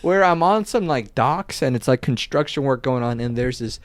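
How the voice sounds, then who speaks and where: A young man on a podcast telling a story casually, loose and animated, full of filler words and swearing. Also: medium pitch, normal speed, no echo. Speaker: podcast co-host.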